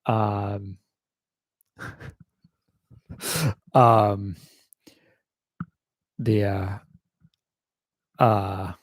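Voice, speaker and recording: Slow, low-voiced American man rambling. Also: fairly even intonation, no room sound. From United States. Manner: rambling and wry, heavy on fillers, swears casually. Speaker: YouTuber hosting a livestream Q&A. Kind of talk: casual livestream Q&A chat.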